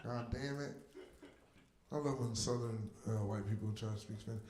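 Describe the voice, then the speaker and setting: A man's voice: fairly low pitch, moderate pace, dark tone, roomy sound. A male comedian doing crowd work, teasing audience members with a profane edge.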